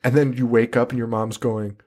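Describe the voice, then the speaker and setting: A man's voice: medium pitch, flat delivery, a little fast, a little mellow. A man hosting a podcast, chatting casually about a movie, swearing a lot, laughing often and acting out scenes in silly voices. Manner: profane, laughing, acts out characters in silly voices. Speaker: podcast host. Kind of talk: casual movie-review chat.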